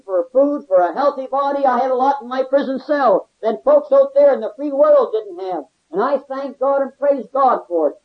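A man, a former convict, giving a fervent religious testimony with emphatic, repetitive exclamations of praise. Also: very high-pitched. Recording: dull lo-fi tape recording.

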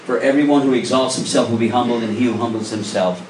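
Preaching fast in a steady, medium-pitched voice, a male pastor earnestly and emphatically challenges the congregation with direct questions. He's recorded from a distance in an echoing church sanctuary with a noisy background.

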